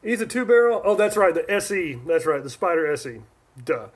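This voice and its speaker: A man from Northern California hosts a relaxed live stream at a fairly quick clip, voicing viewer questions and answering them one at a time. His voice runs slightly high for a male, and he meanders, abandoning sentences midway and beginning again.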